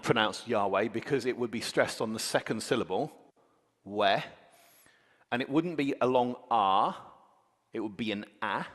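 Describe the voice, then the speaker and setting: A man's voice: mid-range voice, a bit bright. Precise lecturing man in a reverberant hall. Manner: precise, corrective. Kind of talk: explanatory lecture.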